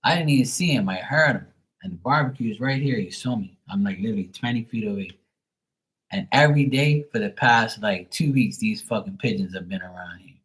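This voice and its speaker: A man chatting casually on a tarot livestream, telling stories in a profane, animated way. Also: on the low side, a little fast, poor audio. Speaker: tarot reader.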